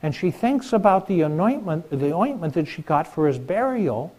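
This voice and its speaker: A man's voice: a little high, very animated, moderate pace, a little mellow. A middle-aged man preaching a sermon in a conversational way, asking the congregation questions.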